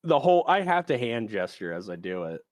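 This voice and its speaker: Animated, playful stream co-host. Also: mid-range voice, fairly quick, no room sound. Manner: animated, playful, laughs often. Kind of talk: casual chat.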